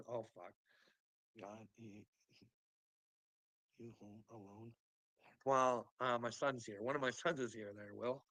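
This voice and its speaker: A man's voice: mid-range voice, creaky, sharp tone, no echo, low-quality recording. A man ranting on a livestream, profane and mocking, who keeps breaking into laughter. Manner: profane, mocking, laughs often between lines. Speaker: live streamer. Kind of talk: rambling livestream rant.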